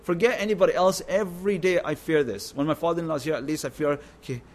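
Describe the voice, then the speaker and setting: A man with a somewhat high voice delivers an informal sermon to a religious gathering. He repeats phrases for emphasis and often stops to check that his listeners understand. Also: fast talker. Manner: repetitive, keeps asking "understand?". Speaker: religious teacher.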